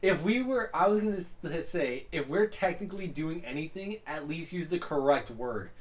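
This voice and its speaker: A young man playing a game and chatting, excitable and prone to loud outbursts. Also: fairly high pitch, moderate pace. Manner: excitable, bursts into loud reactions. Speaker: let's play player. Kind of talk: casual gameplay chat.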